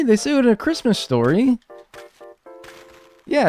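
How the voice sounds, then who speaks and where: A man from North America giving casual live commentary while playing a game, rambling and joking, with sudden loud yelps. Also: high voice, sing-song, quick pace, pauses often, soft background music. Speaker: streamer playing a life-sim game.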